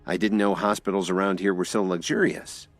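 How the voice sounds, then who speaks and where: A man voicing a gentle, injured young man in an audio drama, soft and reassuring. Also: low-pitched, flat delivery, fairly quick, dry recording, soft background music. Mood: curious.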